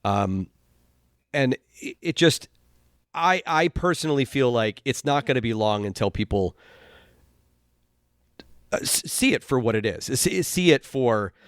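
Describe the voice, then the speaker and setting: A man hosting a casual podcast chat, talking haltingly with frequent restarts and sighs. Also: medium pitch, expressive, clear, resonant tone, no room sound, studio quality. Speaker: podcast host.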